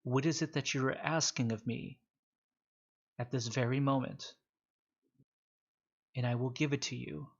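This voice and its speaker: Brief: a man as an icy bandit king nemesis, slow and soft, on dull lo-fi audio. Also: mid-range voice, steady tone, creaky, slightly rough. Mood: cold, measured. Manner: slow, measured, quiet menace. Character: cold, calm adult male bandit king, Rev's nemesis.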